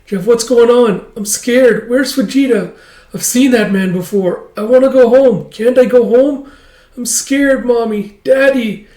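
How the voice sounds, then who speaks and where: A bossy, chatty little girl from a comic book, pitched high and squeaky, as a man puts her on. The room behind the voice is echoey. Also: very animated, normal speed. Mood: scared.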